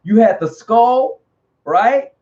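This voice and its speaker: Man, host, high voice, animated, slangy, dull lo-fi recording. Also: takes it slowly. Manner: animated, slangy, repeats himself. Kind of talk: casual live online interview. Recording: dull lo-fi audio.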